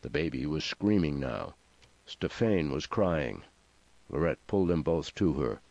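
A low-voiced man narrates an audiobook, letting his pitch rise and fall freely. The recording is dry and somewhat muffled. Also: measured pace, gravelly, dry recording. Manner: expressive storytelling.

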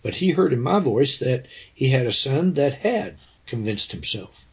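A man's voice: medium pitch, very animated, unhurried, breathy edge. A man, an actor being interviewed, reflecting in an earnest, anecdotal way and quoting conversations. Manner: earnest, anecdotal, quotes people in dialogue. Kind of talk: reflective storytelling.

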